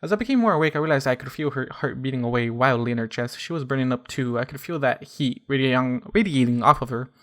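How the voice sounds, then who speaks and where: A man's voice: medium pitch, quick pace, hardly any pauses, a bit bright. A man reading a first-person fan fiction story aloud, often stumbling and correcting himself. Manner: stumbling restarts and self-corrections.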